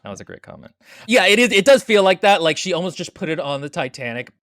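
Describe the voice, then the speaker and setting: A man with a somewhat high voice that leaps up and down expressively, recorded close and dry. He co-hosts a casual book-review podcast and rants playfully about a novel. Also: sing-song, fast, fairly bright tone, no echo. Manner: playful, ranting, laughs often. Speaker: podcast co-host.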